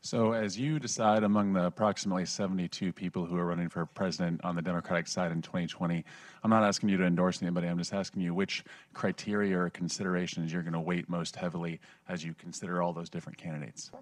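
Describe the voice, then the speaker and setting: A man in the audience asks a brisk question with a wry opening. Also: low voice, little pitch movement, no room sound. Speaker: audience member asking a question.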